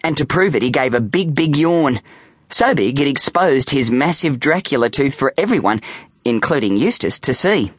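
A man reading a children's audiobook aloud with playful, animated storytelling on a close studio mic. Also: mid-range voice, normal speed, no echo. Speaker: audiobook narrator.

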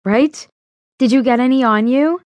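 A hesitant young witch, as a woman narrator puts her on, talking in a lifted, drawn-out voice full of small fillers. The recording is dry and close, with no room sound. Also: sits high, darkish tone, no echo, pitched above the performer's own voice, lightly acted.

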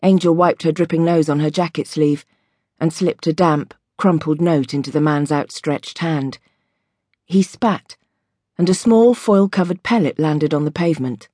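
A woman reading an audiobook in a measured, vivid storytelling voice. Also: low voice, dark tone, no room sound, clean studio sound. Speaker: audiobook narrator. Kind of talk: scripted audiobook narration.

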